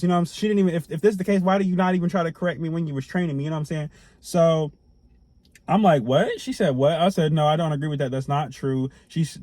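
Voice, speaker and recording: Animated, foul-mouthed young man with a mellow voice. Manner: animated, profane, swings between loud outbursts and low asides. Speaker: vlogger telling a story. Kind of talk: casual storytime monologue.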